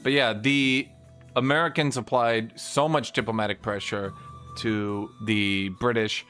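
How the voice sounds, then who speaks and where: A man at a middle pitch talking through a livestream, opinionated and combative, with plenty of swearing. He jumps from point to point and drops quick mock lines for nations in his story. Faint game music plays behind him. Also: fairly even intonation, fairly bright tone. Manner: opinionated, profane, argumentative; mimics historical nations in quick asides. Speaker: streamer. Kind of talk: casual livestream rant while gaming.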